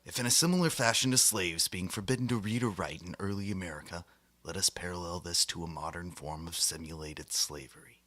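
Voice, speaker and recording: A man's voice: deep voice, brisk, fairly bright tone, no room sound. A man hosting a satirical comedy monologue, delivering it in a mock-serious, grandiose way with theatrical asides. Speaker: host.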